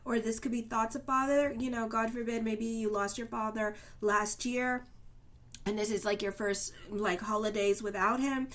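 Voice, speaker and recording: A woman with a slightly high voice reads tarot cards for her viewers in a relaxed, conversational way. She keeps her talk loose and colloquial, with plenty of "okay" and "you know". Her tone stays earnest and reassuring as she speaks directly to her audience. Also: moderate pace. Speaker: astrologer and tarot reader. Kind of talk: casual tarot reading to camera.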